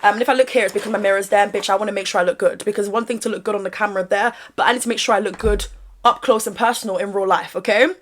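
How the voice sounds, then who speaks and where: A woman's voice: medium pitch, fairly even intonation, very fast. A British woman chatting sassily in a get-ready-with-me commentary from her bedroom, laughing often and using slang. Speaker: commentary YouTuber.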